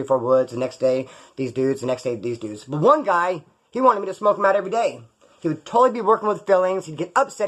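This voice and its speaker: A man's voice: high voice, rough recording. A man telling stories casually on his own video channel, rambling and full of prison slang. He grew up in California. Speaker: vlogger. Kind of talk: casual storytelling vlog.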